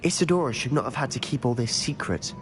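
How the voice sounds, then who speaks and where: A man's voice: medium pitch, lively intonation, fast talker, lightly acted. A man voicing a confident young wizard companion in a video game, making wry, teasing remarks. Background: loud game music.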